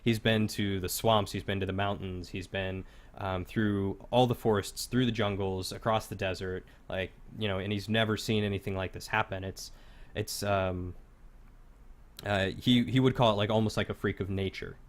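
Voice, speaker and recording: A man narrating as game master in a tabletop game, describing scenes in a halting, loose way. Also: on the low side, steady tone.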